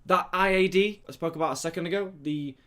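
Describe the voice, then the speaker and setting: Man, fairly high voice, enthusiastic home vlogger, desktop USB mic. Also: fairly quick, a bit bright, smooth. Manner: chatty and enthusiastic, speaks straight to viewers. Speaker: YouTuber reviewing gear. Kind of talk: casual tech review vlog. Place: home room at a computer. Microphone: desktop USB microphone.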